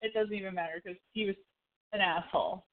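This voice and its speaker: A woman co-hosting a casual chat, telling a long story in a rambling, animated way full of "like". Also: mid-range voice, fast talker. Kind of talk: casual chat recapping a TV show. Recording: phone-like narrow sound.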